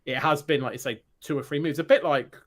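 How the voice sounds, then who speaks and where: A man's voice: a little high, fast talker. A man co-hosting a gaming podcast in casual chat, joking and rambling as he reads out listener mail. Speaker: podcast co-host.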